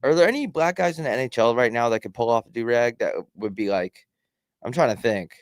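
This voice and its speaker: A man's voice: medium pitch, fairly quick, no room sound, clean studio sound. A man co-hosting a podcast in casual sports chat, rambling and profane. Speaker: podcast co-host.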